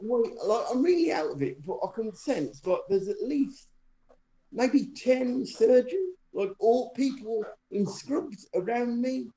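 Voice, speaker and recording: A man telling a personal story in a relaxed, chatty way. He wanders with frequent "um"s and restarts and mocks himself with a dry wit. The recording is roomy, with noticeable echo. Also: very high-pitched, takes it slowly. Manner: rambling, lots of fillers and restarts, dry self-mocking humour. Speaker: podcast co-host telling a story. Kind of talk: casual anecdotal storytelling.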